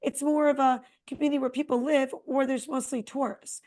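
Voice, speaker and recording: A middle-aged woman co-hosting a podcast, chatting casually and telling a long, animated travel story. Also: high voice, a little fast. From Connecticut. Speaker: podcast co-host. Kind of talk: casual chat.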